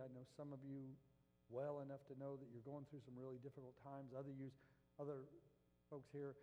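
Impassioned preacher man in a reverberant hall. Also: on the high side. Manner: swings from hushed earnest tones to impassioned shouting. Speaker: pastor. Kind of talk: sermon. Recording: long reverb of a church hall.

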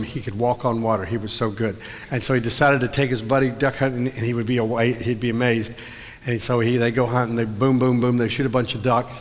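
A man preaching a sermon as pastor, talking in a conversational, storytelling way and slowing down or speeding up for emphasis. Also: medium pitch. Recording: long hall reverb.

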